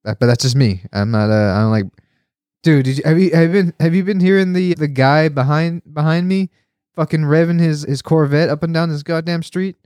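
A man's voice: fairly high pitch, fairly quick, darkish tone, smooth, dry recording, clean studio sound. A man hosting a casual podcast chat, rambling and swearing a lot, laughing often and getting worked up when he complains. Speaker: podcast host.

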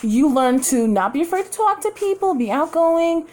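A woman with a fairly high voice hosts a casual podcast from her home. She talks candidly, chats freely from one subject to the next, and laughs often. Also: very animated, moderate pace, a little mellow. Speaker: podcast host. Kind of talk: casual chat.

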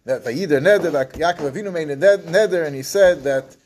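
A man's voice: fairly high pitch, a little fast, darkish tone, a little hiss or hum. A man teaching a weekly Torah class, explaining verses phrase by phrase and mixing in Hebrew and Yiddish terms.

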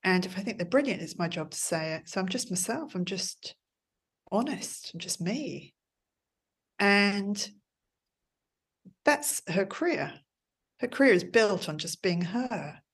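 A woman, a former TV producer, chatting as an interview guest and telling stories with acted-out quotes. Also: mid-range voice. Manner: chatty storyteller, acts out quotes. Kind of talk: conversational interview.

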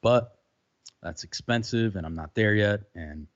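Casual male podcaster, rambling delivery, slightly low voice, muffled lo-fi remote audio from a room with a little reverb. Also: measured pace. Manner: loose, rambling with many fillers. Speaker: podcaster guest. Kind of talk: casual chat.

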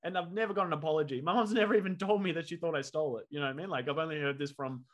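A man, a comedian guest on a podcast, telling an animated story and acting out the voices of the people in it. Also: on the high side, rapid-fire. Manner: animated, acts out quoted voices.

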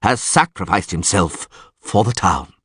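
A pompous middle-aged mayor declares things in a ceremonious tone, voiced by a male audiobook reader. His voice sits a little above the reader's usual pitch. The sound is husky and dry. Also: animated, a little slow, a bit bright, no echo, heavily acted.

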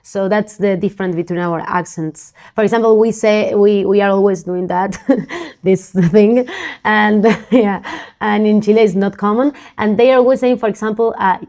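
Argentine woman, Spanish native, interview guest; halting, word-searching English with a middle pitch and light laughs. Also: fairly even intonation, darkish tone. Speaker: guest, professional poker player. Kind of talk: casual interview chat.

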